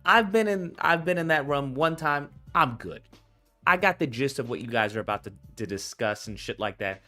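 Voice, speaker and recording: Animated, cursing man riffing on clips. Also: mid-range voice, normal speed, soft background music. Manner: animated, profane, acts out quoted voices. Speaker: commentator reacting to clips. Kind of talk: casual reaction commentary.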